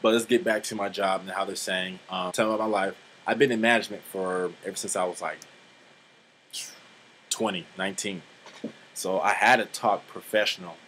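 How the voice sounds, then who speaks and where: A man's voice: lowish voice, brisk, a bit bright, a little hiss or hum, low-quality recording. Rambling, profane young man vlogging. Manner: rambling, blunt and profane, many fillers. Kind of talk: casual vlog monologue.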